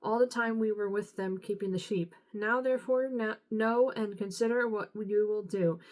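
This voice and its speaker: A tired woman reading scripture aloud, unhurried, now and then stumbling and apologizing. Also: medium pitch, fairly even intonation, a little mellow, poor audio. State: tired, yawning. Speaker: Bible reader.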